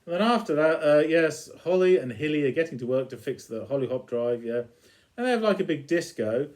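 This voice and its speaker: A man reviews a TV episode in a casual retelling, chuckling often. His voice sits a little high and rises and falls a great deal. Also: animated, fairly quick, a little mellow. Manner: chuckles often between lines.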